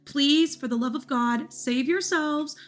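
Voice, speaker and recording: A woman's voice: high-pitched, unhurried. A woman hosting a gaming video, giving an earnest, cautionary voice-over about gameplay clips.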